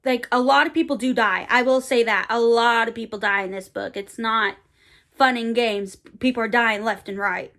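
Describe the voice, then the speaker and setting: A woman in her twenties speaks at a normal speed in a voice on the high side, slightly bright, with fairly even intonation. She's a book vlogger casually recommending books she loves, rambling a little and using fillers and playful slang.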